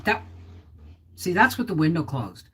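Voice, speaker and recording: On a desktop mic at home, a middle-aged woman with a lowish, very animated voice keeps a measured pace through heavy background noise. Her casual homestead livestream is full of chatter, viewer comments read aloud, and baby talk directed at her dog.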